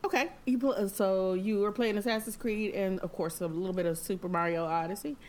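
A woman hosting a podcast, chatting in a lively way and laughing often. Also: mid-range voice. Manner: chatty, animated, quick to laugh. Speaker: podcast host. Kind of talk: casual conversation.

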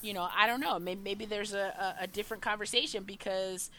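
A woman's voice: medium pitch, fairly even intonation, brisk, sharp tone. Hesitant woman professor on a podcast. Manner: thoughtful, hesitant, many fillers and restarts. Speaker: guest, university professor. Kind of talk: podcast interview.

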